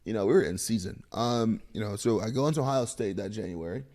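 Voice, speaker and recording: A man in his thirties, a guest on a studio podcast, telling profane, animated stories and acting out the voices in them. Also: fairly low pitch, fast. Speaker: podcast guest, former college quarterback.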